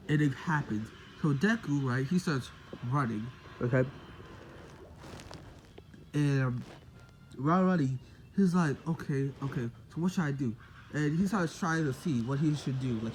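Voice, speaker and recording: A man's voice: fairly high pitch, darkish tone, slight background noise, rough recording. A man casually retelling a made-up story, rambling with lots of fillers and self-corrections.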